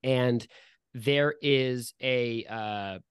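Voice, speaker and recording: Dude running a dnd game, playful narration, lots of ums, mid voice, dry sound. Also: male voice, mid-range voice, extremely slow, clear, resonant tone, no echo. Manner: vivid, playful scene-setting with frequent fillers. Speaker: game master.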